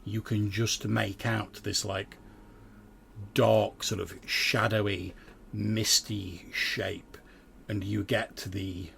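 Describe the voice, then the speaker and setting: A man's voice: lowish voice, flat delivery, takes it slowly, creaky, a bit bright, a little hiss or hum. A young man narrating a tabletop game as game master, casual and vivid, with lots of fillers.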